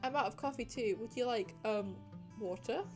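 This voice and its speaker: A woman's voice: fairly high pitch, moderate pace, a little mellow, soft background music, close to an everyday voice. Woman doing a flustered shy townsman. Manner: hesitant, fumbling.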